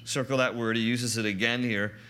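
Bright, animated male preacher. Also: mid-range voice, brisk. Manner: animated, conversational Bible teaching. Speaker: pastor. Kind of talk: sermon.

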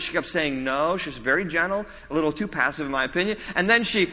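A man preaching a sermon with a high, bright, ringing voice. He talks in an animated storytelling way, with asides and little self-deprecating laughs. The sound carries a long reverb, as in a church sanctuary. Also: quick pace, hardly any pauses. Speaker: pastor. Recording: echoey hall reverb.

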